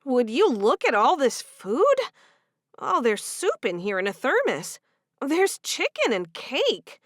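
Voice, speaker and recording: A woman's voice: sits high, huge pitch swings, slow pace, dry recording, clean studio sound, pitched above the performer's own voice, heavily acted. A woman voicing Favor, a cheerful young Amish woman.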